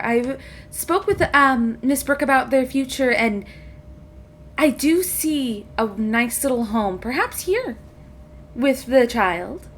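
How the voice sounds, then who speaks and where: A woman with a voice on the high side narrates a tabletop game as game master, playfully voicing the non-player characters. There is slight background noise.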